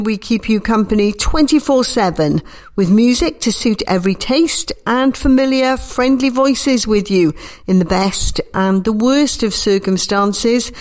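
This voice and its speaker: A woman with a slightly nasal voice, presenting a hospital radio show from home in a gentle, reassuring way. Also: fairly high pitch.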